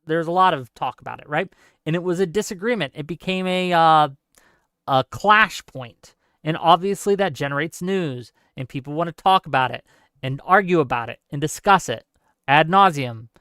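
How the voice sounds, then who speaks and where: A talk show host with a smooth, clear voice who argues point by point, firmly rebutting viewer comments and checking in with quick tag questions. The sound is dry and close, with almost no room behind it. The pitch sits in an ordinary middle register. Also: a bit bright, no room sound. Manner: argumentative, emphatic, rebutting points; frequent tag questions and fillers. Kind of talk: live call-in commentary, reading viewer comments.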